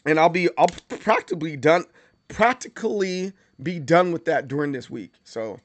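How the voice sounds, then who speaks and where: A male streamer talks in a relaxed, chatty way, repeating himself as he restarts sentences and then working up into playful mock indignation. His voice sits a bit higher than most men's. The sound is close and dry, with no room around it. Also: normal speed, no room sound. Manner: animated, stammering restarts, mock outrage. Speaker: livestream host. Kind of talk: casual livestream chat.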